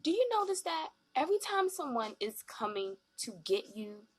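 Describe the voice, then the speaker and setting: A woman hosting a live-stream talk show, animated and slangy, often acting out what other people said. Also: sits high, normal speed. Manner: animated, slangy, acts out quoted voices.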